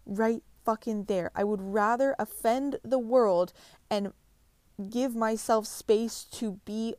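A woman's voice: fairly high pitch, slow pace, darkish tone, dry recording, studio quality. A woman in her twenties talking bluntly and passionately in a confessional vlog, swearing heavily and speaking with emphasis. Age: 20s. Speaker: vlogger.

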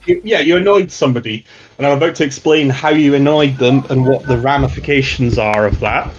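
A man's voice: mid-range voice, slight background noise. Hesitant male game master on a dull line. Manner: halting, lots of fillers and restarts, chuckling. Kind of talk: narrating a tabletop role-playing game.

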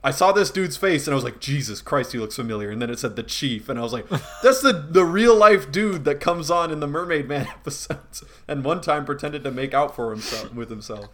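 A man co-hosting a podcast, chatting casually with friends, laughing often and acting out quotes in quick bursts. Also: a little high, expressive, fairly bright tone. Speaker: podcast co-host. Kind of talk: casual chat.

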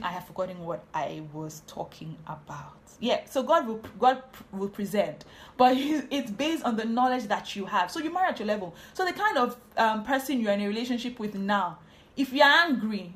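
A woman's voice: medium pitch, expressive, normal speed, fairly bright tone. A woman, hosting a podcast and giving a casual, chatty Bible teaching on marriage, often drifting into asides.

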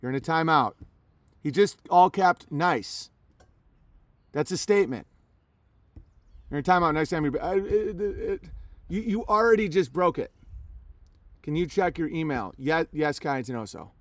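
A man's voice: a little high, lively intonation, normal speed, pauses often, fairly bright tone, no room sound. A man live streaming, talking casually to his chat in a rambling way with many restarts.

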